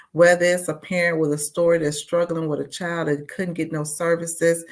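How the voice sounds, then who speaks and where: A woman being interviewed as a community advocate, speaking in a heartfelt, earnest way and often saying "you know.". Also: low voice. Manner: heartfelt, repeats "you know", voices her own thoughts aloud.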